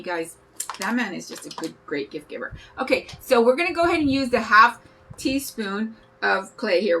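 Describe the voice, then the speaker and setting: A woman's voice: a little high, a bit bright, slight background noise, poor audio. Bubbly, rambling woman hosting a craft stream. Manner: bubbly, rambling, greets viewers by name. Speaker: craft livestream host. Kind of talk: chatty live craft tutorial.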